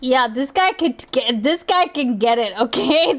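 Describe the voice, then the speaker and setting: A woman's voice: sits high, animated, moderate pace, few pauses. A woman streamer giving casual reaction commentary, chatty and often laughing.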